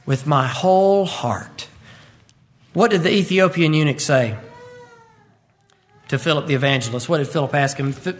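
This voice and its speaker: Emphatic high-voiced male preacher. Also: fairly bright tone. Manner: emphatic, repeats key lines, quotes scripture. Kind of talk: sermon.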